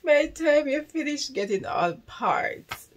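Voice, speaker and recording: A woman's voice: high voice, animated, unhurried. A woman hosting a reaction video, making amused remarks through laughter. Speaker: reaction channel host. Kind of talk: reaction commentary.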